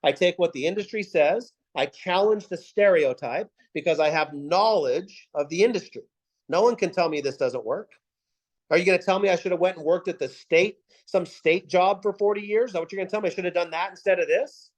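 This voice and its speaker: A man's voice: sits high, a little fast, poor audio. A man leading a team video call, talking in punchy, emphatic rhetorical questions and repeating himself for effect. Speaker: team leader giving a sales pep talk.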